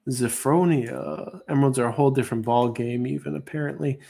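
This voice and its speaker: A man's voice: medium pitch, vocal fry, warm tone. A man hosting a casual livestream auction, rambling between lots and drawing out his bid calls. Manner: rambling, self-interrupting, drawn-out bid calls.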